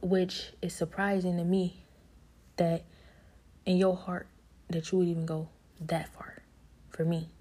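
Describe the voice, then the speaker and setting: A woman telling a personal story in a casual, earnest way, with loose informal grammar, often dropping to a soft whisper. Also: fairly low pitch.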